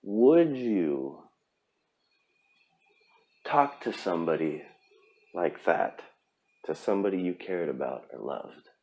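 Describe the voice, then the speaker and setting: A man's voice: low voice, sing-song, takes it slowly, pauses often, dark tone. A man hosting a podcast, giving a blunt, profane pep talk in a casual monologue. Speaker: podcast host.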